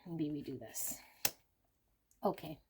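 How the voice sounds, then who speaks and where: A woman's voice: low voice, slow, mellow, slight background noise. A woman reading tarot and oracle cards for viewers, naming each card with effusive, breathless reactions.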